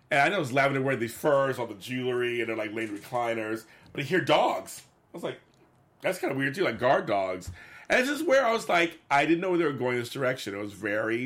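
A man's voice: mid-range voice, a bit bright. A man in a casual chat recapping a sitcom episode, rambling with many restarts and fillers. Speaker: podcast co-host.

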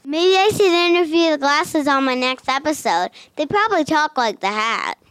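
A woman's voice: sits high, expressive, moderate pace, fairly bright tone, dry recording. A woman hosting an interview, asking questions in a playful, upbeat way. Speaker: interview host.

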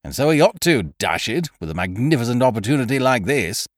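A man's voice: mid-range voice, sing-song, a little fast, no echo, clean studio sound, natural voice. A man voicing a boisterous, scheming young man, full of big plans, who talks in a hearty, breezy way. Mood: exuberant. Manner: hearty, breezy, calls people "old horse" and "laddie".

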